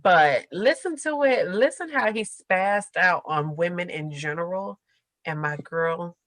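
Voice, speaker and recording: A woman's voice: fairly low pitch, expressive, measured pace, a bit bright, no echo, low-quality recording. A young adult woman hosting a casual group podcast, chatty and slangy, laughing as she tells stories. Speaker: podcast host.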